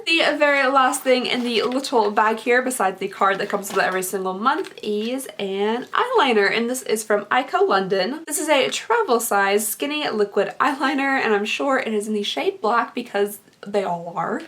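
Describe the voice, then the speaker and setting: Young woman with a Kentucky accent, bright, fairly high voice, rambling and bubbly, chatty beauty vlogger. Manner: chatty, bubbly, rambling, frequent "like" and "okie dokie". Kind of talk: casual unboxing chat.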